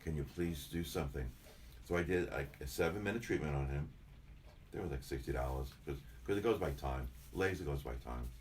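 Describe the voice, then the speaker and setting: A man's voice: a bass voice, expressive, a little fast, darkish tone, a little hiss or hum. An older man, a chiropractor, chatting casually in an interview, rambling and repeating himself as he tells stories. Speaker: chiropractor guest.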